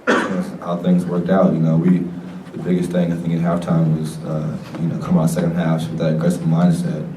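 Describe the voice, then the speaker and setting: A young college basketball player answering reporters haltingly, with many fillers. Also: male voice, low voice, completely flat delivery. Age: young adult. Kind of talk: post-game press conference answers. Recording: roomy echo, mic far off, faint noise.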